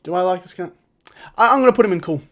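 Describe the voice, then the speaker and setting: A man's voice: sits high, rapid-fire. A young man giving casual, opinionated gaming commentary, often exasperated and restarting his sentences. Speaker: gaming YouTuber. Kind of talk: casual tier-list commentary.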